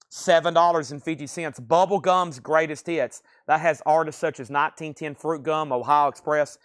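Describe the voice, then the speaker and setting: A man hosting a live record sale, calling prices and bids in brisk salesman patter. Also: fairly high pitch, a bit bright. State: out of breath. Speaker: livestream record auctioneer.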